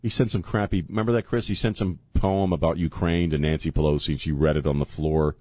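A man's voice: extremely low pitch, fairly even intonation, fast talker, darkish tone, no room sound. A man hosting a talk radio show from a studio, joking and sarcastic in a rambling, casual way. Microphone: studio microphone.

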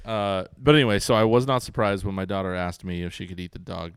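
A man's voice: deep voice, fast, smooth, dry recording. A man in his forties co-hosting a casual sports podcast, telling stories animatedly and acting out his kids' voices. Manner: animated storyteller, acts out voices of his kids. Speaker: podcast co-host.

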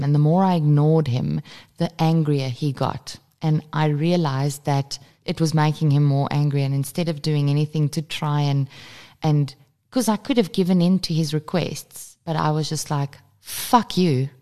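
A woman's voice: sits low, mellow. A woman, co-hosting a casual parenting podcast and talking candidly, swearing freely. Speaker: podcast co-host. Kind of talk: casual chat.

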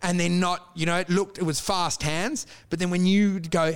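A man in casual chat, telling stories in an animated, profane way and laughing often. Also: high-pitched, fairly quick, clear, resonant tone.

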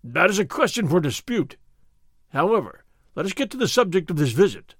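Brief: narrator doing a swaggering army sergeant, loud and pushy, voice swinging up and down. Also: male voice, high-pitched, very animated, brisk, slightly rough, no echo, clean studio sound, exaggerated voice. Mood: bullying. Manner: loud, blustering, threatening. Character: blustering male soldier sergeant, loud and bullying. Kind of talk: audiobook character reading.

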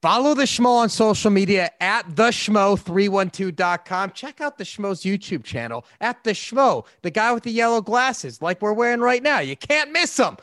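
A man's voice: high voice, sing-song, normal speed, few pauses, a bit bright, no echo, studio quality. A man, an MMA interviewer who refers to himself in the third person and talks like an upbeat promoter. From Chicago area. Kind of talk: casual chat.

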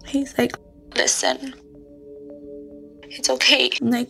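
A woman's voice: sits high, steady tone, unhurried, creaky, a little mellow, faint music behind. A mother telling a tense story with urgency, acting out the voices in it. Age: adult, mother of children. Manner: breathless, urgent retelling that re-enacts quoted voices. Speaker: interviewee recounting events. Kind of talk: emotional first-person storytelling.

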